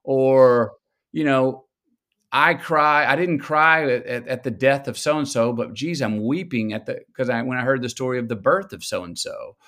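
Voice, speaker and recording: A man, a guest telling stories slowly and thoughtfully in an interview. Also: medium pitch, a bit bright. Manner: slow, reflective storytelling with drawn-out pauses. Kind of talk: conversational interview.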